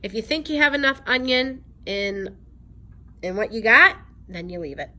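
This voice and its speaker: A woman's voice: a little high, animated, normal speed, loud music behind the voice. A woman in her twenties chatting to her viewers as she walks them through a recipe in her home kitchen, upbeat and casual. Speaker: lifestyle vlogger. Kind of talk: casual cooking vlog.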